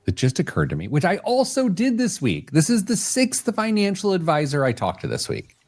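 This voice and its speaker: Animated male podcast host. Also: a little high, brisk. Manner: animated, thinks aloud, self-deprecating. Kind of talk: casual chat.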